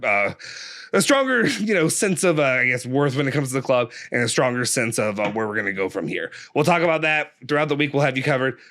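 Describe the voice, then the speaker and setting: A man's voice: mid-range voice, pushed and bright. A man hosting a football fan channel, giving a frustrated, angry match reaction rant full of rhetorical questions.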